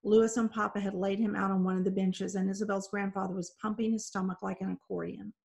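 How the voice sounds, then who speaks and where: A woman teacher reads a novel aloud to her seventh-grade class, rising and falling with the drama of the story. Her voice has a gravelly, creaky texture at a mid pitch. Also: quick pace. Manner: expressive, dramatic read-aloud.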